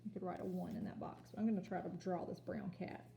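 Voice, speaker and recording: A woman teaching a kindergarten home lesson on video, sounding out letters and words slowly and patiently. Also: lowish voice, steady tone, vocal fry, warm tone, reverberant, a little hiss or hum. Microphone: phone or camera.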